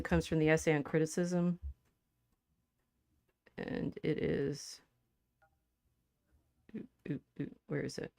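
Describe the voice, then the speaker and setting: A woman co-hosting a livestream, chatting casually about poetry with a lively, laughing manner and frequent restarts. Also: lowish voice, slow, pauses often, smooth, dry recording. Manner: animated and chatty, laughs often, trails off mid-sentence. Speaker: podcast co-host.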